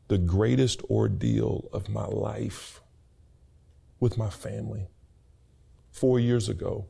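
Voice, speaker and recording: A middle-aged man tells his life story in an interview with earnest, preacher-like conviction. His low voice is gravelly and husky, with a dark, mellow tone. He often repeats words as he presses his point. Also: slow pace, pauses often. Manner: earnest, preacherly, repeats words and rises in pitch as emotion builds. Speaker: university staff member and interview guest. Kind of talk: emotional personal testimony in an interview.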